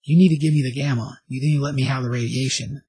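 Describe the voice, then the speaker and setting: A blunt, smart monster brute barking short orders, a man reading him out. The voice is husky and dry, with no room around it. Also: mid-range voice, fairly even intonation, fast, dark tone, dry recording. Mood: commanding. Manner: blunt, clipped commands.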